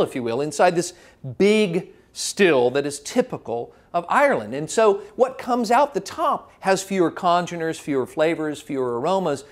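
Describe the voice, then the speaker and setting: A man giving a lively classroom lecture as a spirits educator, telling history like a story with small restarts. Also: fairly high pitch.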